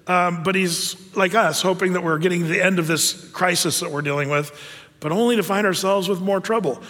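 A man preaching a sermon in a chatty, animated way, full of fillers and asides. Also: sits high, big-room sound. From United States. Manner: conversational, animated with frequent fillers. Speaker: pastor.

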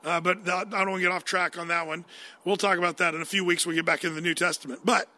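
A man preaching. He reads scripture and talks through it in a lively, conversational way, asking his listeners questions. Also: high voice, very fast. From United States. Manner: animated, conversational, asks the audience questions. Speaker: pastor. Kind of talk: sermon with scripture reading.

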